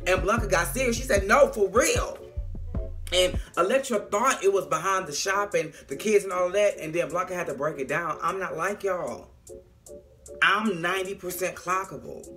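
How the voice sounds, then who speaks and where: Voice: mid-range voice, moderate pace, bright, forceful tone, faint music behind. A young adult vlogger recapping a TV episode in a sassy, dramatic way, acting out the characters' lines and speaking frankly and profanely to the viewers. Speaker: TV episode reviewer. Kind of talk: casual, animated recap with impressions.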